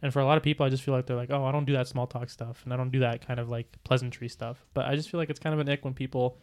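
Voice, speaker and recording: Young male podcast co-host, fast and chatty, rambling delivery. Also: medium pitch, steady tone, darkish tone. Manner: rambling, full of "like" and restarts. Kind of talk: casual chat.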